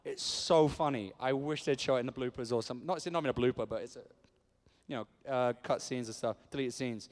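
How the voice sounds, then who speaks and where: A man's voice: mid-range voice, fast talker, big-room sound. A man in his thirties, a convention panel guest telling jokey stories and acting out what people said. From England. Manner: animated storyteller, jokey, acts out quotes.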